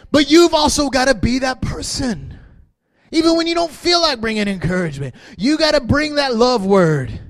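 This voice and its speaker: A man preaching a sermon, swinging from quiet talk to shouting. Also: very high voice. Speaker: pastor.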